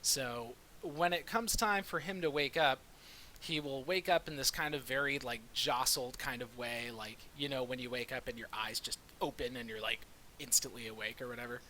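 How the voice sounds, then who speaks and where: A man's voice: mid-range voice, fairly even intonation, moderate pace, bright, forceful tone, a little hiss or hum, poor audio. A man playing a tabletop game, chatting playfully and laughing often. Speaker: player.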